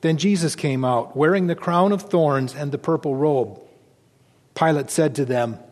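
A man, a pastor, reading scripture and preaching to his congregation in a church, in a steady, earnest voice. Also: a little high, unhurried. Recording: long reverb of a church hall.

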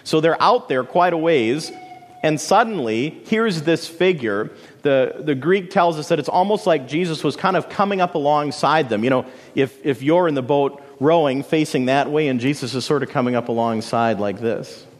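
A man's voice: fairly high pitch, normal speed. Dramatic preaching man in a reverberant hall. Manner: dramatic storytelling preacher, swinging between soaring and hushed. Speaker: pastor. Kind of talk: sermon.

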